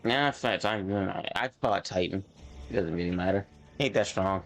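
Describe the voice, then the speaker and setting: A man's voice: low voice, moderate pace, fairly bright tone, soft background music. A man casually commenting with jokes while playing a video game. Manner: joking, offhand remarks. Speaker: gamer. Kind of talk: casual let's-play commentary.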